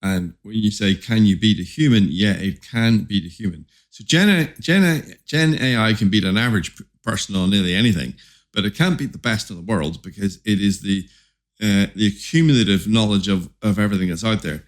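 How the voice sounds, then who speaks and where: A man's voice: on the low side, brisk. A company founder talking as a podcast guest in casual interview style, often restarting and repeating words as he explains.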